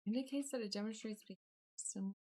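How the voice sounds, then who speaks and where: A woman's voice: medium pitch, a little fast, a little mellow. A young woman chatting casually on her live stream, giggling often and poking fun at herself. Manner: giggly, self-deprecating, chatty. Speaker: live streamer learning to code. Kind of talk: casual chat.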